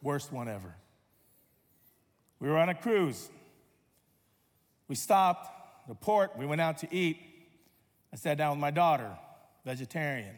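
A man's voice: fairly high pitch, expressive, measured pace, long pauses, big-room sound. A man pastor giving a sermon, telling stories with playful humor and acting out quotes. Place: church sanctuary.

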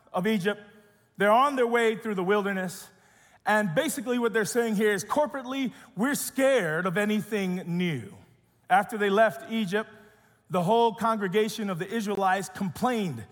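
A man with a notably high voice preaches a sermon. He sounds earnest, pushing some lines up loud and pulling others down almost to a murmur. His voice rings with long reverb, as in a large hall. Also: moderate pace. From grew up as an immigrant. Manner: earnest preaching, shifts between loud and hushed. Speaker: pastor.

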